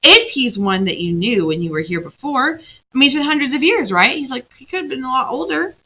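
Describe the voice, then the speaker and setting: A woman's voice: high-pitched, animated, fairly quick, pushed and bright, slightly rough, muffled recording, voice pushed up, full character voice. A woman voicing a doubting, practical male dwarf who reasons against the others.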